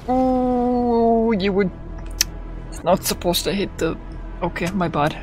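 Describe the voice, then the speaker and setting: A young man giving goofy, excitable let's-play commentary, swearing freely and chatting to the characters on screen. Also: sits high, takes it slowly, pauses often, faint music behind. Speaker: gamer.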